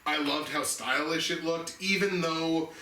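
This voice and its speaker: Bright-voiced man in an echoey room. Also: fairly high pitch, unhurried, distant mic. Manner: enthusiastic, rambling with restarts. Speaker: movie review show co-host. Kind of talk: casual movie chat. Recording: echoey room, voice off-mic, faint noise.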